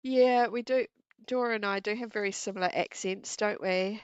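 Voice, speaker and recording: A woman's voice: medium pitch, moderate pace, smooth, dry recording, dull audio. A woman with a New Zealand accent hosting a craft livestream, chatting casually and giggling with her viewers. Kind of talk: casual live-stream chat. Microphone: earpiece and mic at desk.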